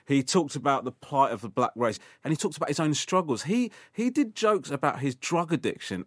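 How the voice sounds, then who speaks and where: A man's voice: mid-range voice, no room sound. A man chatting as an interview guest, with a mid-range voice that swings all over as he tells a story. He acts out the other people in his anecdotes. The recording is dry and close. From England. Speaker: guest comedian. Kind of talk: casual interview chat.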